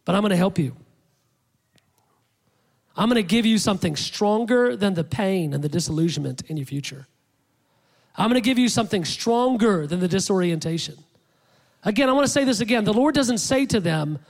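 A man preaching a sermon in a lively, animated way, acting out quotes with rising pitch. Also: fairly quick. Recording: long hall reverb.

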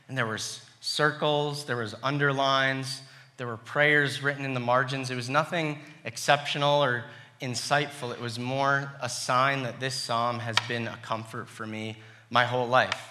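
Bright-voiced male pastor preaching. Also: mid-range voice. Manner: reads scripture slowly, then tells stories with lively acted-out quotes. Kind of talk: sermon.

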